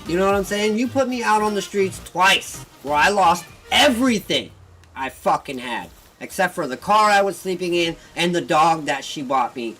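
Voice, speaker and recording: A man hosting a gaming channel, ranting heatedly and with lots of swearing about his personal troubles, flipping between bitter muttering and loud outbursts. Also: high voice, lively intonation, moderate pace, low-quality recording. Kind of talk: venting casual rant. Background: faint background music.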